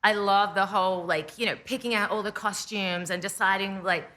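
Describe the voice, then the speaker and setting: A young Australian woman, a podcast guest, chatting in a lively, animated way with lots of fillers. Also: medium pitch, moderate pace. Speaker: podcast guest, pop singer. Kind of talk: casual interview chat.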